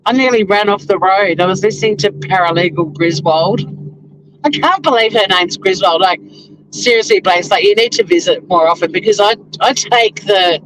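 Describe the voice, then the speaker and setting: A rambling, chatty Australian woman talks to her viewers from behind the wheel, laughing as she goes. Clear road and engine noise from the moving car sits under her voice. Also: mid-range voice, normal speed. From Tasmania, Australia. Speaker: vlogger. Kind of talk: casual chat while driving.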